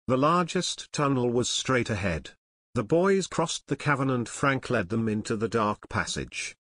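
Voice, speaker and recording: A man narrating an unabridged audiobook in a steady, measured reading. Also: mid-range voice, dry recording.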